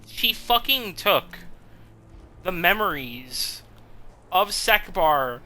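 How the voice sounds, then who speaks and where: A man commentating his game live, slow and drawn-out, with a bright, tense edge. His pitch swings widely between flat mutters and shouted curses, with faint noise underneath. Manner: profane, exasperated. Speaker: streamer.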